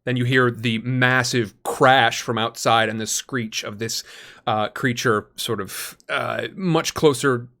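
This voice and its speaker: Slow, hesitant male game master narrating. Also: medium pitch, fairly even intonation, bright, forceful tone. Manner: vivid scene narration with frequent ums and uhs.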